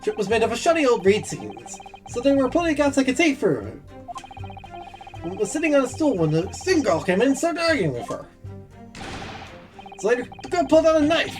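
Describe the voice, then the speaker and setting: A boastful young male tabloid journalist rambles on about his scoops, as a streamer voices him while reading a game's dialogue live. His pitch leaps around restlessly, and his talk is brash and cocky.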